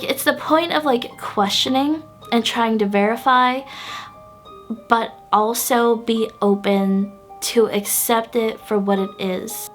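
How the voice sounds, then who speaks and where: A woman hosting her own channel, chatting casually through a personal story with lots of "like" and "um" and frequent small laughs. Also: on the high side. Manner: chatty, full of "like" and "um", laughs often. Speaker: pagan witch channel host.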